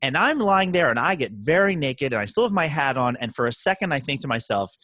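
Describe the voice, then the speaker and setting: A man co-hosting a casual podcast, telling a story in a jokey, animated way. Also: medium pitch, brisk, few pauses, dry recording. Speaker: podcast co-host.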